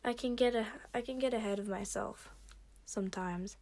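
A woman's voice: fairly high pitch, moderate pace, a little mellow. A woman voicing a bubbly, chatty young female dragon who fires off eager questions. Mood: sheepish. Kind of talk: fan fiction reading.

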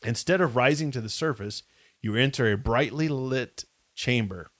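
A man reads a choose-your-path story aloud on a casual live stream, pausing to ask viewers what to do. His voice sits at an ordinary pitch. The sound is dry and close. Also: a bit bright, no room sound. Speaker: co-host reading aloud.

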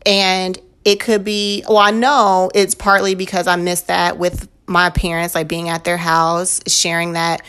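A woman's voice: on the low side, flat delivery, measured pace, few pauses, fairly bright tone, smooth. A young woman hosting her own solo podcast, talking casually with lots of slang and frequent laughter. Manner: chatty, slangy, laughs often. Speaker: podcast host.

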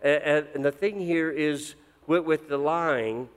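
A middle-aged man preaching a sermon as pastor, swinging from loud emphatic lines to low, intense drops. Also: measured pace, clear, resonant tone. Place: church sanctuary. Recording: long reverb of a church hall.

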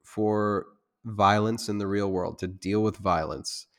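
A man who teaches self-defense, talking in a loose, rambling way with many restarts and fillers, and growing loud and heated when he makes a point. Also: lowish voice, steady tone, slow pace. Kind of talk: conversational interview.

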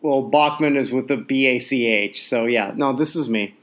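A man's voice: mid-range voice, normal speed, fairly bright tone. A man co-hosting a sports podcast, rambling and joking with many restarts. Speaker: podcast co-host. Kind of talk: casual sports chat.

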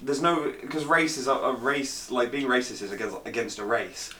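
A man's voice: mid-range voice, pushed and bright, roomy sound. A young British man in casual film chat, rambling with lots of "like"s. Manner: rambling, many "like"s, quick mock impressions. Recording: distant mic with faint room ambience.

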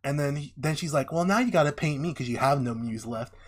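A young man in casual chat, retelling a story with lively acted-out voices and lots of swearing. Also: on the high side, a little fast, a loud crowd. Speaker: podcast co-host. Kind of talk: casual chat, animated retelling of an anime plot.

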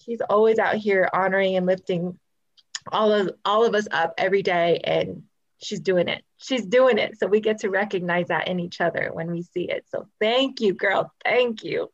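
A woman's voice: mid-range voice, normal speed, muffled recording. A woman hosting a live podcast over a video call, gushing with effusive praise in casual chat. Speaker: podcast host.

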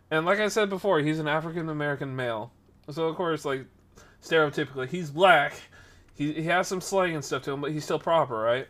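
This twenty-something man has a fairly high voice and talks a little fast. On a podcast stream, he casually rambles through a story, retelling it with animation and plenty of fillers.

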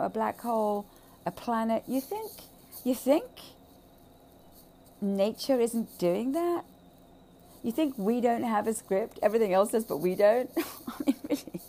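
In a fervent monologue on childhood trauma, a woman whose gravelly, creaky voice sits a little high repeats short phrases for emphasis and curses freely. She alternates between loud bursts and whispered asides, and a light hiss runs beneath the recording.

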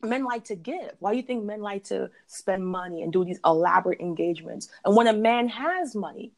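A woman's voice: medium pitch, animated, brisk. A woman on a podcast, giving emphatic relationship advice in a casual, conversational way. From parents from Jamaica.

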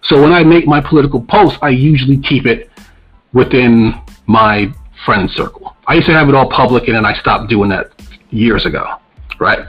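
A man co-hosting a podcast rants bluntly and profanely, casual and opinionated. His pitch is an ordinary middle. The audio sounds dull and lo-fi, with faint music beneath.

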